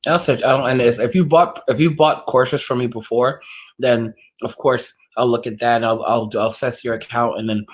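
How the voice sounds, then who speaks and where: A man's voice: mid-range voice, steady tone, fairly quick. Rambling man chatting on a livestream. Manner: rambling, heavy use of "like" and restarts. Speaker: livestream host reading chat. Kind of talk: casual livestream chat.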